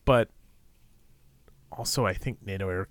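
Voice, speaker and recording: This podcast co-host is a man with a lowish voice who speaks unhurriedly. He chats casually and loosely, full of fillers and restarts.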